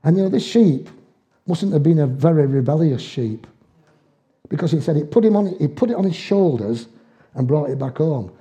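An older man preaches in a folksy, storytelling way, slipping into dialect and chuckling as he goes. His voice is very mellow and dark in tone, though it sits a little high in pitch. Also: animated, moderate pace, muffled recording. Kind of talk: sermon.

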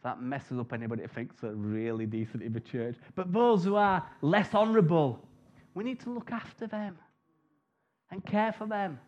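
A man's voice: on the high side, expressive, normal speed, a little mellow. A man preaching an informal sermon, chatty and jokey, telling personal stories, on a dull lo-fi recording.

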